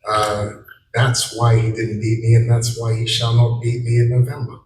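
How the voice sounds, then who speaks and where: A man's voice: mid-range voice, completely flat delivery, moderate pace, a little hiss or hum. A man, a boxer, answering press conference questions in a confident, dismissive way. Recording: echoey room from far off with faint ambience.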